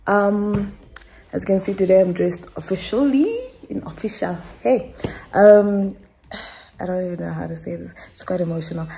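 With vocal fry in her medium-pitched, mellow voice, a young Namibian woman vlogs indoors at home at a moderate pace over soft background music. She rambles emotionally to camera, using fillers and restarting often.

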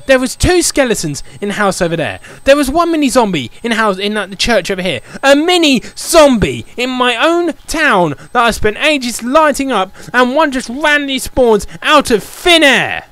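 A young male gaming YouTuber with a high-sitting, sharp-toned voice commentates his Minecraft let's play, ranting in an exasperated, repetitive way.

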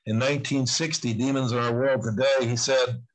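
A man's voice: mid-range voice, steady tone, moderate pace, rough recording. A man in his sixties, a guest in an interview, talking earnestly and rambling with frequent restarts. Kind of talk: conversational interview talk.

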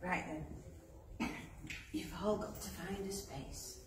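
A woman leading a children's library rhyme session, singing action songs and coaxing little ones along in a lively, playful sing-song. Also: fairly low pitch, a little slow, vocal fry, distant mic. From England. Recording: echoey room, voice away from the mic, noticeable background noise.

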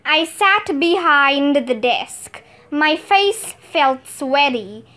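A woman reading a children's book aloud, in slow, clear storybook narration. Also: high voice, lively intonation, bright, forceful tone.

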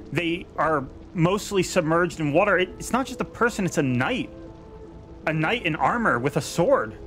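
A man serving as dungeon master, narrating a tabletop game with vivid description and slowing down for dramatic moments, on a headset over a video call. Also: a little high, bright, forceful tone.

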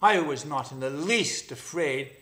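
A man's voice: on the high side, lively intonation, a little slow, sharp tone. A man voicing a vain, jittery young male jackal cub in a storybook reading, yapping and snappish. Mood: indignant.

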